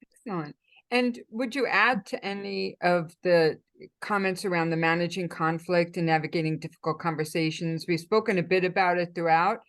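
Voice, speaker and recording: A woman's voice: lowish voice, moderate pace. Upbeat woman moderating a panel. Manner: upbeat, summarizing and handing over questions. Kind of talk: webinar moderation.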